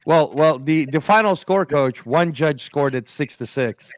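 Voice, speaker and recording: A man's voice: fairly high pitch, no room sound. A man co-hosting a casual livestream, adding laid-back comments and jokes. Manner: easygoing, quick joking comments.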